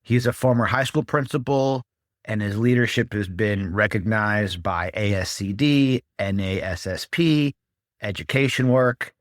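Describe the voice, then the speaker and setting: A man's voice: fairly low pitch, measured pace, dry recording, studio quality. A man hosting an interview, conversational and telling a short story from his own teaching. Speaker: host. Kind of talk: interview hosting, casual anecdote.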